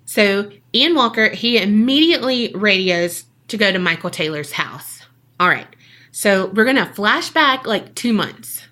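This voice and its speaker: A woman's voice: mid-range voice, lively intonation, a little slow, sharp tone. A woman, co-hosting a podcast and telling a story in a casual, jokey way that is full of swearing. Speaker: podcast co-host.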